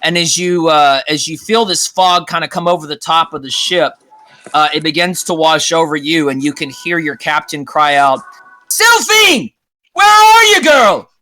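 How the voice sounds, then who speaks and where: A man's voice: a little high, steady tone, normal speed, sharp tone, no echo. A man narrating a tabletop role-playing game as dungeon master, describing scenes with occasional fillers.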